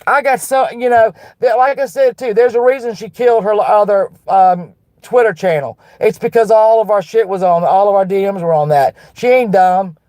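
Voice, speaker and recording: Livestream host, woman, mid-pitched voice, dry close sound, blunt and profane rant to her chat. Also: normal speed, hardly any pauses, no echo. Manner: blunt and profane, with frequent restarts; fired-up and defiant, turning soft when apologizing.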